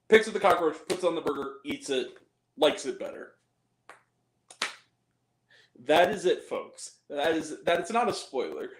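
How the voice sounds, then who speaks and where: Movie review guy ranting and cussing, kinda high voice, roomy echo. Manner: ranting, profane, exasperated. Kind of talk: casual spoken movie review.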